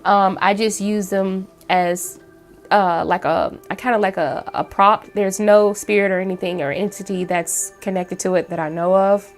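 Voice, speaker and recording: A woman's voice: medium pitch, fairly even intonation, moderate pace, soft background music. A woman hosting her own channel, telling a story to the camera at home in a rambling, casual way with many fillers and restarts. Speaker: channel host.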